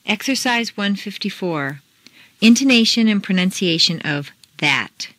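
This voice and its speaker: A woman reads a scripted pronunciation lesson in a measured, deliberate way. Her intonation swings widely up and down, much more than in everyday speech. The recording is close and completely dry, with no room sound. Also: mid-range voice, expressive, fairly bright tone, no echo. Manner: slow, deliberate drill reading with exaggerated intonation. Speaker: pronunciation teacher. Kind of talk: scripted accent-training lesson.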